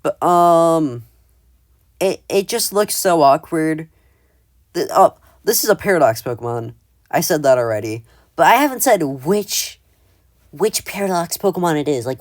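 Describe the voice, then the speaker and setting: A man's voice: fairly high pitch, lively intonation, measured pace, dry recording, studio quality. A man casually ranking his own old artwork, rambling with many fillers and mocking himself. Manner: rambling, filler-heavy, self-deprecating. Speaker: video creator.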